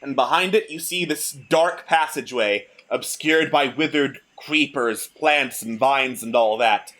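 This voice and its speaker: A man's voice: mid-range voice, a little slow, a bit bright. A man running a tabletop game as dungeon master, narrating with dry jokes.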